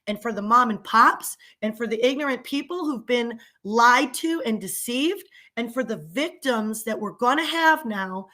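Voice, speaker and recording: Indignant, ranting woman with a bright voice. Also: fairly high pitch. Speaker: local commentator and small business owner. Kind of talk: angry political rant vlog.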